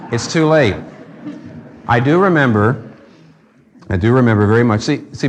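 A man preaching a sermon, earnest and conversational, rising to fervent emphasis on key points. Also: on the low side. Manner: conversational with fillers and restarts. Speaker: pastor.

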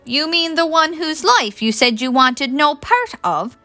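A woman voicing an upset young new mother with a sharp, accusing manner. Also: sits high, very animated, moderate pace, faint music behind, pitched above the performer's own voice, exaggerated voice.

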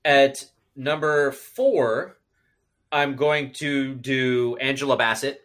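A man co-hosting a podcast in casual chat, excitable and jumping to high squeals of surprise. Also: takes it slowly. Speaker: podcast co-host.

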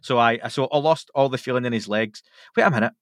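A man's voice: medium pitch, fast talker, no echo, studio quality. A Scottish man guesting on a podcast, reading a story aloud in casual chat and breaking off for amused asides. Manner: reads with amused asides, chuckling and chatty.

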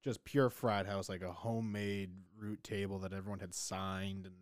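A man co-hosting a podcast, telling a story with teasing humor and halting fillers. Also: low voice, flat delivery, dry recording, studio quality. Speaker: podcast co-host. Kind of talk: casual storytelling.

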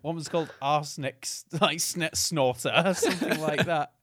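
A man co-hosting a podcast in casual chat, joking and breaking into loud laughter. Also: on the high side, moderate pace, no echo, studio quality. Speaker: podcast co-host.

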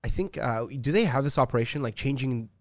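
A man's voice: mid-range voice, expressive, quick pace, no echo, studio quality. A man co-hosting a casual chat podcast, joking and teasing and laughing a lot. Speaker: podcast co-host.

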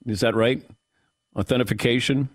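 A middle-aged man hosting a sports talk radio show, telling stories in an animated way with quick asides. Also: medium pitch, dry recording, clean studio sound.

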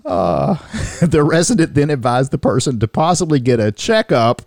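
A man's voice: on the high side, big pitch swings, normal speed, a little mellow, dry recording, studio quality. A man co-hosting a comedic news podcast, reading headlines aloud and joking between them. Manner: jokey, reads headlines aloud, laughs often. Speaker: podcast co-host.

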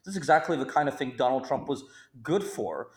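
A man from Brooklyn, New York, giving commentary as a panel guest, with a halting delivery full of restarts that turns emphatic on key points. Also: medium pitch, very animated.

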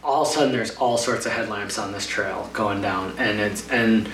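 A man's voice: lowish voice, moderate pace, a bit bright, echoey room. Guy rambling thru a trail race story, faint hum behind, kinda far from the mic. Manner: rambling, filler-heavy storytelling. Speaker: trail runner guest. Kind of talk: casual storytelling in a podcast interview.

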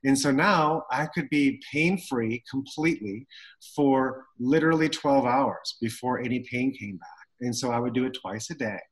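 A middle-aged man telling a personal story in conversation, animated and acting out the voices of the people he quotes. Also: medium pitch, moderate pace, breathy edge, rough recording. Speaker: guest telling his story.

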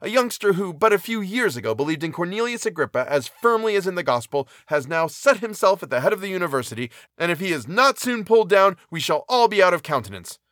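A man voicing a blunt, boastful older male professor with a harsh, gruff manner in a storybook reading. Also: high-pitched, big pitch swings, fast, hardly any pauses, a bit bright, dry recording, studio quality, voice pushed up. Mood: blustering.

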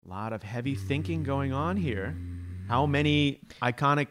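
A man hosting a podcast, quick and playful with mock-stern game-show bits. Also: mid-range voice, fairly bright tone, slight background noise. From New York City. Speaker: podcast host. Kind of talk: casual chat.

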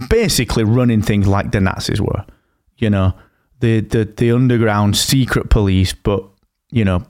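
Relaxed man, rambling chat. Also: lowish voice, clear, resonant tone. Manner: relaxed and rambling, with blunt slang. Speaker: podcast co-host. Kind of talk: casual chat.

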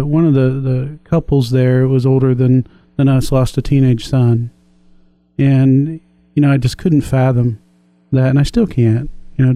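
A man speaks calmly, in a conversational way. His tone is very dark and warm. The room sounds dry. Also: medium pitch, dry recording. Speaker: co-host. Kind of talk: faith discussion.

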